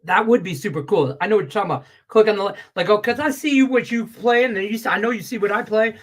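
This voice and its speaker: A man's voice: high-pitched, quick pace. A middle-aged man, a sports betting handicapper, talking bluntly and profanely in a rambling, casual way on a picks show.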